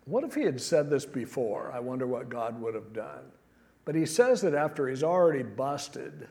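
A man's voice: on the high side, expressive, a little slow, dark tone. A man preaching a sermon verse by verse, mixing scripture reading with joking everyday asides. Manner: casual and joking, paraphrasing scripture in everyday slang. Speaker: pastor. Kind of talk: expository sermon.

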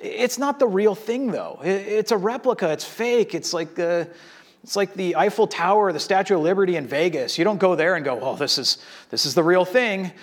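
Man, pastor, casual sermon, slightly high voice, animated storytelling. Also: brisk. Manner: conversational, animated storytelling with acted-out quotes.

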